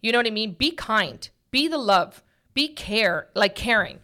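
A woman's voice: on the high side, lively intonation, a little slow, sharp tone. Emphatic, preachy woman talk host. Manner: emphatic, preachy, many fillers. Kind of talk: casual opinion talk.

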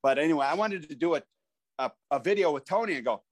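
A man in his forties from Iowa, a former pro wrestler telling animated stories as a podcast guest and acting out the voices of people in them. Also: fairly high pitch, fast talker, no room sound. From Iowa, USA. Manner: animated storyteller who acts out voices. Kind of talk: casual interview storytelling.

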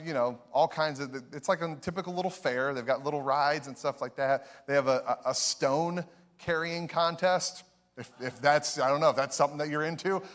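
A young man preaching a sermon, telling a story with animated energy, often laughing. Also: a little high. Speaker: pastor.

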